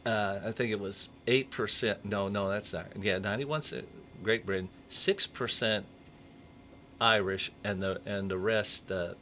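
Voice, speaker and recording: A man co-hosting a local morning radio show, chatting casually and telling a joke with animated delivery. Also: on the low side, measured pace. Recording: radio studio with faint background noise.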